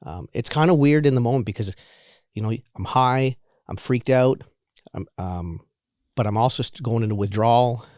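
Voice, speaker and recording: A man in his forties telling his own recovery story in a halting, candid way, often repeating words and restarting. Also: medium pitch, a little mellow, no room sound, studio quality. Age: 40s. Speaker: guest sharing recovery story.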